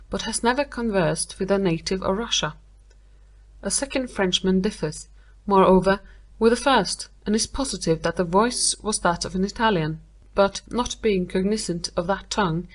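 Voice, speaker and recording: A woman voicing a cool analytical male detective who lays out his reasoning in a measured way. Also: medium pitch, natural voice.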